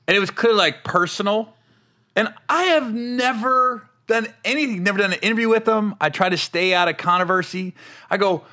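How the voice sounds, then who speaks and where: A middle-aged man hosting a casual chat, an animated storyteller who laughs often. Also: high-pitched, fairly quick.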